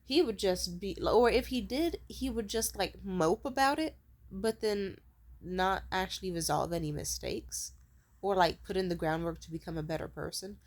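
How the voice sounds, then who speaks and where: A woman's voice: mid-range voice, moderate pace. A woman telling a personal story as a casual vlog rant, blunt and heavy on profanity. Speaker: vlogger.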